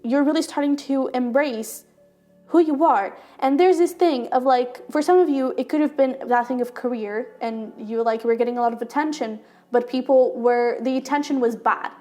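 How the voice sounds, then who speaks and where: Excited high-voiced woman reading tarot. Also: faint music behind. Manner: excited, talks fast; warm, encouraging, many fillers. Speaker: tarot reader. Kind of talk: casual tarot reading to camera.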